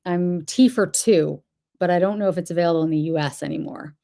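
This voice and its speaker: A woman's voice: fairly low pitch, fairly quick, creaky, warm tone. Chatty woman hosting a livestream. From Boston area, New England. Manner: chatty, rambling, answers viewers' comments aloud. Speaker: livestream host. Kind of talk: casual livestream chat reading comments.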